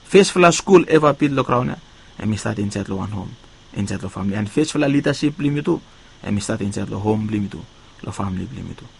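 A man's voice: lively intonation, fast talker, gravelly, slightly rough. Man preaching a sermon. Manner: emphatic rises on key words, phrase endings fading low and quiet.

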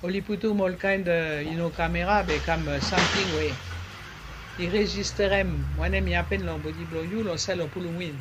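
A man, talking casually in an interview. He slips French words into his speech and pauses often to search for words. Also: high voice, fairly even intonation, noisy background. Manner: searching for words, many fillers. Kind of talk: casual conversation.

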